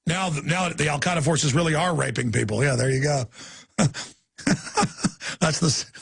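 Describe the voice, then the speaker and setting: A man's voice: a little high, creaky, fairly bright tone, slightly rough. A man hosting a talk radio show, ranting emphatically in a long monologue. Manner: ranting, emphatic, rapid-fire asides.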